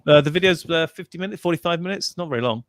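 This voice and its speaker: A man hosting a casual livestream over a video call, chatty and quick to laugh. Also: a little high, no echo. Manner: upbeat, chatty, laughs easily. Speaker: host.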